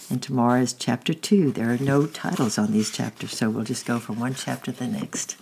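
A reader narrating a chapter book aloud and signing off gently at the end. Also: medium pitch, brisk, gravelly, few pauses, slight background noise. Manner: warm sign-off, steady storytelling.

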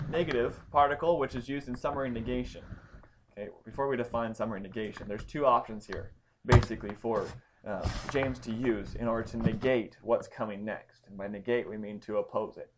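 A man's voice: medium pitch, noisy background. A man teaching a Bible study lesson, explaining Greek grammar step by step with frequent ums and restarts.

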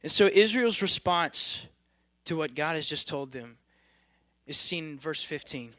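Young guy preaching, chatty but punchy, lots of rhetorical questions, slightly high voice, dry close sound. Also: lively intonation, a little slow, fairly bright tone, no echo. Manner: casual, emphatic, rhetorical questions. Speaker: campus preacher. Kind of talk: sermon.

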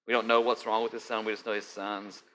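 Guy giving a chatty sermon, low-ish voice but bright and tense, faint room noise. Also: fast. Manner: animated, conversational, addresses listeners directly. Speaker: preacher.

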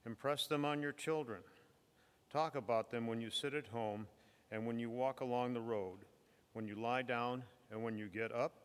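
A man reading scripture aloud in church, measured and solemn. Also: mid-range voice, smooth. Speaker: scripture reader. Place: church sanctuary. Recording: long hall reverb.

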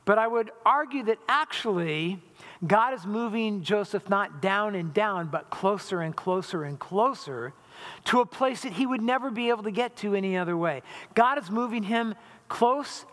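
A man's voice: high voice, lively intonation, normal speed, fairly bright tone. A man preaching a conversational sermon as a pastor, often checking in with the congregation by asking "right?". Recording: long hall reverb.

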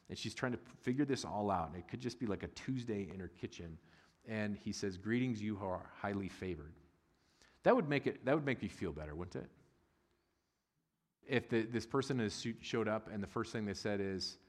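A middle-aged male pastor with a fairly low voice preaches in a casual, joking way and now and then breaks into loud, excited bursts. His voice rings with the long reverb of a large church hall. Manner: conversational and humorous, rising to loud excited bursts. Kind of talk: sermon.

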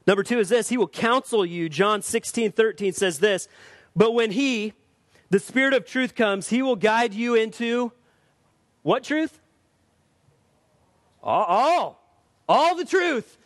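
A man with a high voice delivers a sermon in a relaxed, conversational way, leaning into emphatic questions for his listeners. The sound is dry and close, with little room around it. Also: unhurried, no room sound. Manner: conversational and emphatic, rising to urgent appeals. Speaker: pastor.

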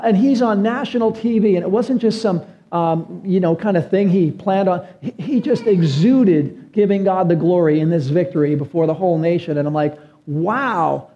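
A man's high, mellow voice delivers an earnest sermon, lifting into emphatic peaks on key phrases. The recording sounds a little dull and lo-fi. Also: lively intonation, moderate pace. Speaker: pastor.

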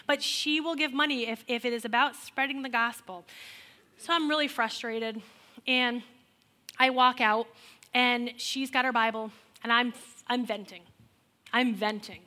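Bright, animated woman telling a testimony. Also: on the high side, normal speed, long pauses. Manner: animated and exasperated, acts out quoted people. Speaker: speaker sharing a personal testimony. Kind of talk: humorous storytelling testimony to an audience.

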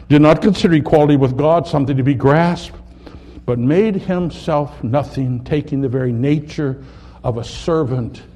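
A man preaching a sermon, reading scripture aloud, dropping to a near whisper and rising to loud emphasis, slowing down on key words. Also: mid-range voice. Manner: dramatic swings from hushed to loud, slows on key words.

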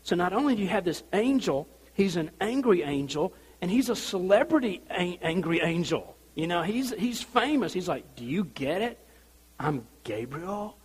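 A male pastor preaching a sermon, telling the story in an animated way and acting out the people in it. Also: sits high, moderate pace, few pauses, husky, long reverb tail.

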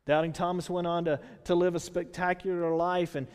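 A man from Texas with a Texan accent preaching a sermon, conversational and animated, full of rhetorical questions. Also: high-pitched, brisk, smooth. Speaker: pastor. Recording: long hall reverb.

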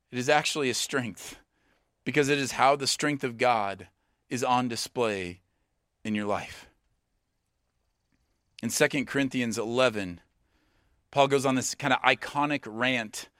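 A man's voice: medium pitch, fairly bright tone, dry recording, studio quality. A young adult man preaching a sermon in an earnest, conversational way, acting out quoted voices.

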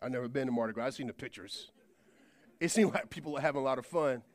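A man preaching a sermon, swinging from quiet asides to shouted points. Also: mid-range voice, quick pace.

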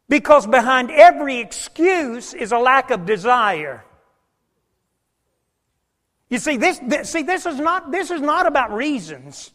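Man, preacher, high voice, folksy storytelling, church reverb. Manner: folksy storytelling, acting out dialogue, rising to shouts. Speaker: pastor. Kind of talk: sermon. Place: church sanctuary. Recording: long hall reverb.

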